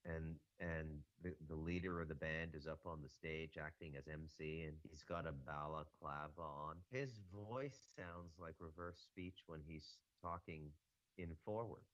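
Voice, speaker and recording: A man with an extremely deep voice rambles through a casual podcast chat, stopping and restarting his thoughts. The sound is dry and close, with a dull, muffled quality. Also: fairly even intonation, unhurried, a bit bright, no room sound. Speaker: podcast guest. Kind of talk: casual conspiracy talk.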